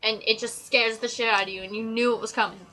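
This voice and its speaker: A woman's voice: fairly high pitch, fairly even intonation, fast talker, sharp tone, rough recording. A teenage girl vlogging a casual, sarcastic rant about her pet peeves. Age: teens. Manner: chatty, exasperated, sarcastic. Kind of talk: casual ranting list.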